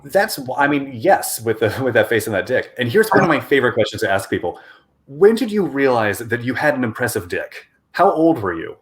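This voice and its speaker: Teasing and playful, this interview host keeps laughing at his own jokes during a casual chat. He speaks fairly quickly at a medium pitch, with big pitch swings.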